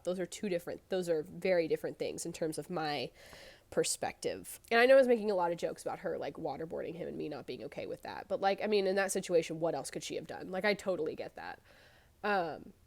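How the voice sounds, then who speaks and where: A woman's voice: fairly low pitch, darkish tone. A young woman giving casual reaction commentary, chatty and thinking aloud, asking herself one rhetorical question after another. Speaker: reaction video creator.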